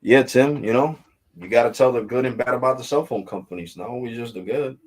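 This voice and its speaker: A man's voice: medium pitch, a little fast. A man hosting a tech vlog, ranting casually and bluntly to viewers in slang. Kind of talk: casual rant to camera.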